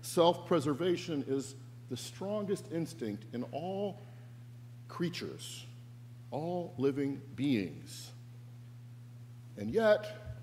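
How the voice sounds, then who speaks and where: Earnest pastor preaching in an echoey church. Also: male voice, fairly high pitch, a little mellow. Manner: earnest, reflective, varied emphasis. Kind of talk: sermon. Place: church sanctuary. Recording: echoey church with faint hum.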